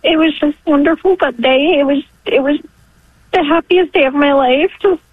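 A woman's voice: sits high, moderate pace, no echo. A woman in her forties from New York calling in, emotional and tearful as she speaks. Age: 40s. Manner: emotional, tearful, breaking into laughs. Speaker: caller. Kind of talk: phone-in testimony. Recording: tinny dry phone line.

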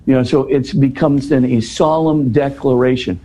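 Mellow-voiced man explaining scripture. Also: mid-range voice, moderate pace, hardly any pauses, a little hiss or hum, rough recording. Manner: scholarly, full of restarts and "you know". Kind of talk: conversational explanation.

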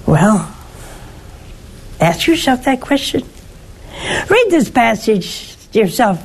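An older woman, a nun hosting a Catholic call-in show, giving slow, earnest, motherly spiritual counsel to a caller. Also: fairly high pitch, sing-song, slight background noise, low-quality recording.

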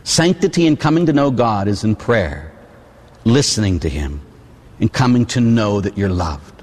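A Catholic priest from Pittsburgh preaching a storytelling sermon, animated, acting out voices and shouting at the peaks. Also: male voice, on the low side, normal speed. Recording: long hall reverb.

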